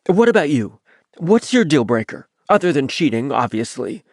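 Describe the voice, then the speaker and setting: An eager, playful young man, voiced by an audiobook narrator, talks in a bright, teasing tone. His pitch jumps about, and the sound is dry and close. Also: big pitch swings, normal speed, no room sound.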